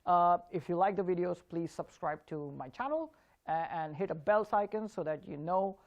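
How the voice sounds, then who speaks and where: A man giving an online spoken English lesson, drilling words slowly and clearly and encouraging his learners. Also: high voice, dull audio.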